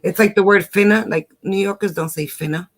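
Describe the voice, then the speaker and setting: Fast-talking older New York woman. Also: medium pitch. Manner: fast-talking, playful, laughs often. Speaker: guest. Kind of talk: casual chat.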